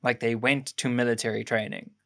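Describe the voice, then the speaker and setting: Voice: mid-range voice, little pitch movement, fairly quick, bright, forceful tone. A young adult podcast co-host chatting casually about a film, rambling through production facts with lots of ums and restarts. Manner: rambling, fact-sharing with many ums and restarts. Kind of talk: casual film review chat.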